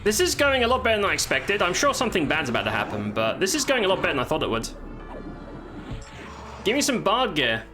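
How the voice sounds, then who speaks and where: His high voice swoops wildly in pitch and moves quickly as he streams gameplay, swearing, exclaiming, and talking to his viewers. Game music hums faintly in the background.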